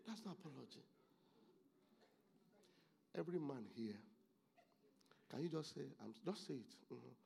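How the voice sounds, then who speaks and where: A man preaching a sermon as pastor, moving from low, quiet asides to loud, excited exclamations. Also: normal speed, gravelly, pauses often.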